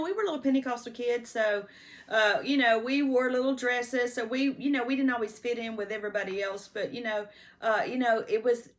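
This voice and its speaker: A woman in her fifties from Texas telling stories from her life in a casual, rambling way, full of "you know" and restarts, pausing to check her notes. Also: fairly high pitch. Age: 50s. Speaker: personal storyteller. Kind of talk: casual life-story monologue.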